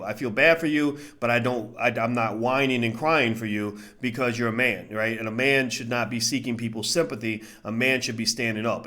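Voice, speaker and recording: A man hosting live-streamed commentary, talking to his viewers in an animated, preachy way and often repeating himself. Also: mid-range voice. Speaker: commentator and channel host.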